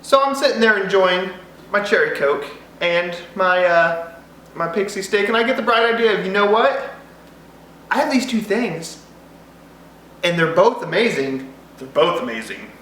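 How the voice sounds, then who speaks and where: A man's voice: sits high, moderate pace, sharp tone, slight background noise. A man telling a comedic childhood story to camera, rambling and interrupting himself with jokes. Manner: rambling, self-interrupting, jokey. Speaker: vlogger. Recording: echoey room.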